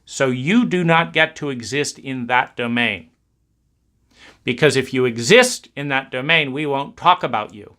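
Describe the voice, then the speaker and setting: A man giving a reflective talk, speaking in slow, emphatic, repetitive cadences. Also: medium pitch, pushed and bright.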